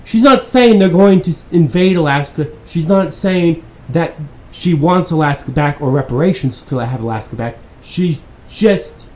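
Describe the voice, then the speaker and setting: A man's voice: fairly high pitch, lively intonation, normal speed, darkish tone. Profane ranting man, echoey room. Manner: profane, exasperated and sarcastic. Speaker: podcast host. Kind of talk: ranting news commentary. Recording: echoey room with faint background noise.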